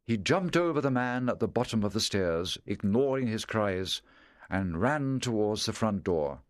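A man narrating a story in a measured, clear reading voice. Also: fairly low pitch, animated, no room sound, studio quality.

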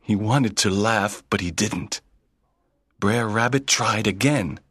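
A man's voice: lowish voice, takes it slowly, a bit bright, slightly rough, no echo. A man reading a children's story aloud in plain, simple sentences. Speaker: narrator. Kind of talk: slow read-aloud storytelling.

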